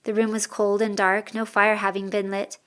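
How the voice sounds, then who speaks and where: A woman reads a first-person audiobook in a measured, expressive way. Her voice is mid-pitched for a woman and carries each sentence steadily through the story. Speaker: audiobook narrator.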